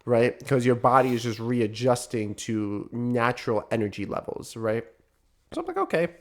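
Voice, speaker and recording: A young adult man co-hosting a casual podcast chat, telling lively stories with swearing and frequent laughs. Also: medium pitch, moderate pace. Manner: animated storytelling with swearing and laughter. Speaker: podcast co-host.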